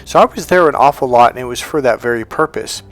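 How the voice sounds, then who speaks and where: A man who works as a relationship coach and hypnotherapist, telling a personal story as motivational talk and acting out the dialogue in it. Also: fast. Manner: animated, acts out quoted dialogue with high lifts in pitch.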